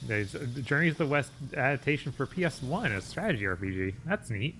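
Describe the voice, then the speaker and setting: A man's voice: medium pitch, sing-song, quick pace, pushed and bright, a little hiss or hum. Chatty male co-host streamer. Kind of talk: casual gameplay chat.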